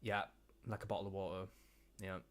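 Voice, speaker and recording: Casual streamer, English man, northern-southern accent mix, self-mocking, lowish voice. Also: level tone, a little fast. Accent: mixed northern and southern English. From England. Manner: laughing, self-mocking, sweary. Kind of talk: casual reaction commentary.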